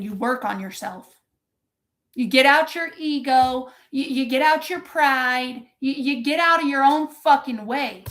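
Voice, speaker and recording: A woman with a high voice gives a live-streamed motivational talk. She is intense and profane, hammers her points home and breaks off to answer viewers in the chat. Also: a bit bright. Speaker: motivational coach.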